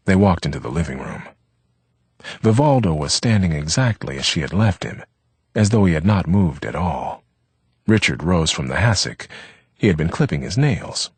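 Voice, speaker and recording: A man narrating an audiobook in an expressive, measured way, recorded close and dry. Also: a bass voice, breathy edge, no room sound.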